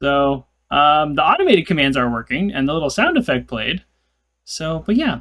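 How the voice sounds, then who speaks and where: A man's voice: fairly high pitch, sing-song, moderate pace, sharp tone. A man casually commenting as he plays on a livestream. He is chatty, self-deprecating, and laughs often. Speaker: game streamer. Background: game music.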